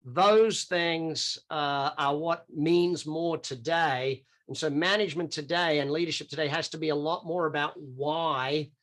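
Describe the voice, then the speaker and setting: A man's voice: on the high side, a bit bright. A middle-aged Australian man in a chatty, off-the-cuff live online coaching session, answering questions over a video call. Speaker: business coach.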